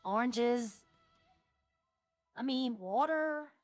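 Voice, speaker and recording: A woman's voice: on the high side, expressive, extremely slow, no echo, faint music behind. A woman streaming a roleplay game, chatting casually and jokily to her viewers in a rambling way.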